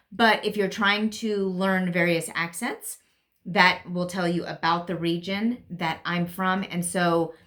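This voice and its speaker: A woman's voice: medium pitch, bright, forceful tone. A woman with a Great Lakes American accent, giving a casual spoken English lesson and thinking aloud with frequent ums and restarts. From United States. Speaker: English teacher. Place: at home, seated in a chair.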